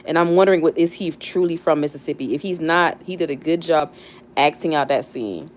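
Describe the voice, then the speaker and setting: Near tears, a young livestream host from the non-Southern United States chats and reflects loosely. Her low-pitched voice moves fairly quickly, with many fillers and restarts, over a slight hiss or hum.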